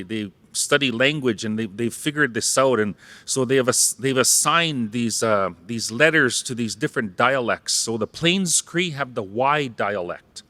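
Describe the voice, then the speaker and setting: Man, from Saskatchewan, bright tone, dry close sound, playful teacher, call-and-response with audience. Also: mid-range voice, no echo. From Saskatchewan, Canada. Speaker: Cree language teacher and ceremonial helper. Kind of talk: interactive public talk teaching words.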